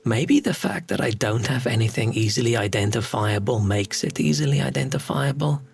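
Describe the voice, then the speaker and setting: South African streamer, Afrikaans first language, husky, easygoing and musing. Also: male voice, medium pitch, moderate pace. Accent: South African English. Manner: rambling, musing aloud. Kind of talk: casual game-stream chat.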